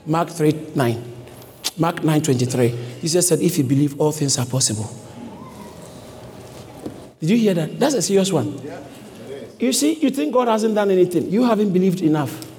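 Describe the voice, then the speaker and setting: A man preaching a sermon as pastor, repeating short urgent commands and building up to shouts. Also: on the high side, animated, normal speed. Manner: repetitive exhortation, rising to shouts. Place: church. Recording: long hall reverb, faint background noise.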